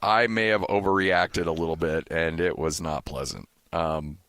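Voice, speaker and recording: Podcast host guy, low voice, animated story, does the voices loud, dry close mic. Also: moderate pace, no room sound. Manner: animated storyteller, acts out quotes with a raised voice. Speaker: sports radio broadcaster and podcast host. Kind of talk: casual podcast chat, telling a story.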